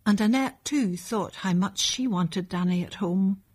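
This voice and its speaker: A woman narrating a children's storybook in a calm, measured reading. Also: medium pitch, breathy edge.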